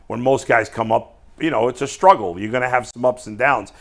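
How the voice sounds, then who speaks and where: A man hosting a casual sports talk show, animated and quick to restart his phrases. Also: mid-range voice, creaky.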